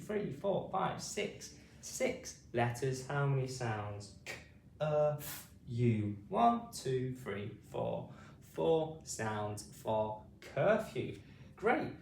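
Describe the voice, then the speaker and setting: A British man teaching phonics to adult learners, sounding out letters slowly and repeating each word with care. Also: mid-range voice, darkish tone. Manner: slow, deliberate, sounding out letters and repeating words. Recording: roomy, slightly distant mic, faint noise.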